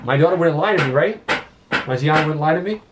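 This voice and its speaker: A man's voice: a little high, lively intonation, fast, heavy background noise. A man talking at home as a father, asking stern, patient questions. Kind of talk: casual home talk. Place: family home.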